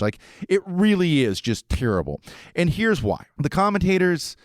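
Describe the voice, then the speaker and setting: A man's voice: high-pitched, sing-song, moderate pace, dry recording, studio quality. A man hosting a podcast, ranting in a casual, rambling, sarcastic way and swearing often. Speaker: podcast host.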